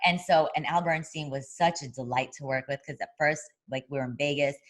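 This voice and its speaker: A woman's voice: deep voice, brisk. A woman, a boxing broadcaster, chatting as an interview guest and telling a story, acting out what people said. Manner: lively storyteller who acts out quoted voices; frequent fillers and restarts. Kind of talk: casual interview chat.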